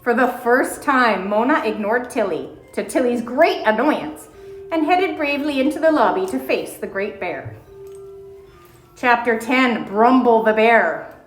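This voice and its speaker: Slow, lively woman reading a storybook aloud. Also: a little high, roomy sound, soft background music, poor audio. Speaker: audiobook reader. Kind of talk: storybook read-aloud narration.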